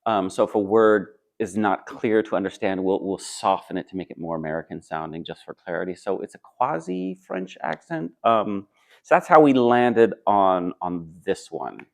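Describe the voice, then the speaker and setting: A man's voice: deep voice, lively intonation, normal speed, creaky. A man who acts on stage, answering interview questions in a friendly, thoughtful way with a clip-on microphone. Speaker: stage actor.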